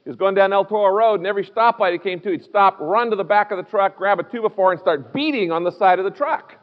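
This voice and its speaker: A man preaching a sermon with a high, lively voice, moving from a told story into plain, conversational teaching. The sound is a little dull and lo-fi. His voice rings out with the long reverb of a large church hall. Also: fast. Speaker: pastor.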